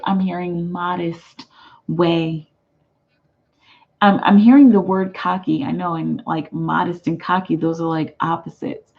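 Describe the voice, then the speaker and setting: Chatty American woman tarot reader, lower voice, lo-fi live-stream sound. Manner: chatty, laughs often, reads viewer comments aloud.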